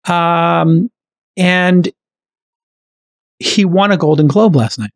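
A middle-aged man hosting a podcast in casual chat, talking quickly and enthusiastically with many "like" fillers. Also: on the high side, vocal fry. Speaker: podcast host.

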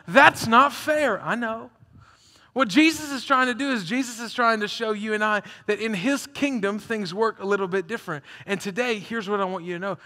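A man preaching a sermon in an animated, conversational way, acting out the story as he goes. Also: very high-pitched. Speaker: pastor. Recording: long hall reverb.

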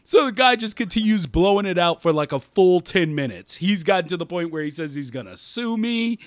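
Brief: high, lively-voiced man spinning funny work stories, laughs a lot, says "y'all", dry close mic. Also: fairly quick, no room sound. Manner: animated, laughs often while talking; drops his voice low and calm to quote himself. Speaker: podcast guest storyteller. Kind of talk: casual storytelling.

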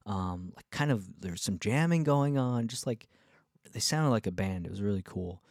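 A male musician vlogger telling a casual story in a rambling, excitable way, full of fillers and restarts. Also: on the low side, normal speed, no echo, studio quality.

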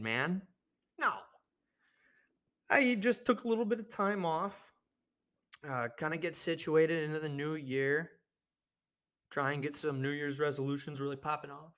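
A young man hosting his own podcast, rambling through a jokey, profane monologue with sudden loud bursts. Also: on the high side, gravelly. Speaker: podcast host. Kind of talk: casual comedic monologue.

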